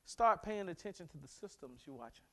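A pastor preaches to his congregation with a high, bright voice. He is animated and joking, building to loud, emphatic points before dropping back down. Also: fairly quick. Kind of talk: sermon. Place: church sanctuary.

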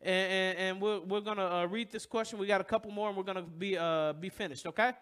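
A man's voice: high voice, fairly even intonation, fast, a bit bright, clear, resonant tone. A man preaching a sermon, asking the congregation to finish his sentences and building with emotion. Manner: call-and-response questions to the congregation; preaching with rising emotion and repetition. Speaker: pastor.

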